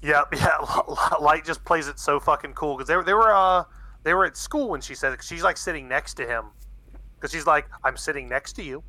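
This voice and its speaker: A man casually chatting on a podcast, excitable, swearing freely and using laid-back slang, sipping beer as he talks. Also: fairly high pitch, brisk, no echo. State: drinking beer while talking. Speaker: podcast co-host. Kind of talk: casual chat recapping an anime.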